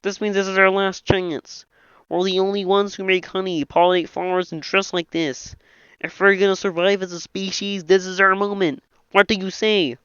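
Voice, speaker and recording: A high, reedy frog voice, voices every character in a film script without changing the voice. The tone is bright and crisp. It sits close and dry on a dull lo-fi mic. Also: male voice, level tone, normal speed, dry recording. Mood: frantic. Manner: voices all the film's characters in one frog voice. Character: [man doing] Kermit the Frog, nasal puppet frog. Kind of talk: comedic impression reading a film script.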